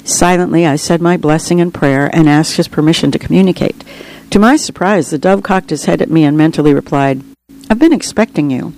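A woman's voice: low voice, fairly quick, a little mellow, a little hiss or hum, low-quality recording. A woman author reading her own book aloud in an earnest, reflective first-person storytelling manner. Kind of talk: audiobook reading.

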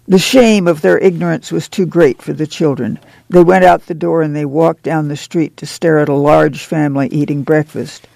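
A man narrating a novel in a steady, measured way. His voice is strongly gravelly and dark, sitting a little above the usual male range. The recording is dry and close. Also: fairly high pitch, no room sound. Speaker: audiobook narrator. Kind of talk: scripted narration.

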